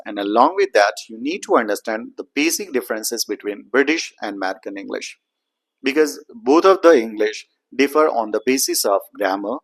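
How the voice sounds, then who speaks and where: A man explaining accent training, slowing down to model words and sentences. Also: medium pitch. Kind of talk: pronunciation lesson.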